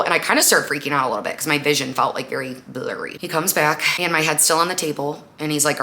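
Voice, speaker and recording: A young woman with a low-set voice that still rings bright and forward, hosting her own podcast. She tells a personal story in a loose, chatty way, full of "like" and little acted-out quotes. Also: quick pace, hardly any pauses. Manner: chatty, animated retelling with frequent "like" and acted-out quotes. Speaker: podcast host. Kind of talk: casual storytelling podcast monologue.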